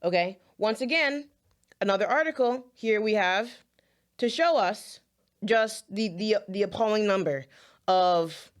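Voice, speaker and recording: A woman with a mid-range voice speaks unhurriedly, delivering impassioned, earnest commentary directly to her viewers. She is emotional and holding back tears, and she repeats phrases as she talks.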